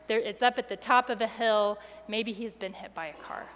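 A woman telling a personal story to an audience with expressive delivery, going soft and quiet at the tense moments. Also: mid-range voice, normal speed, long reverb tail.

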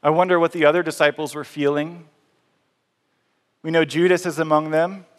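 A man preaches in an easy, conversational storytelling style, acting out the scenes as he goes. His voice sits a bit higher than most men's, and long reverb from a large church hall follows each phrase. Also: level tone, normal speed. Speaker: pastor. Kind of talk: sermon.

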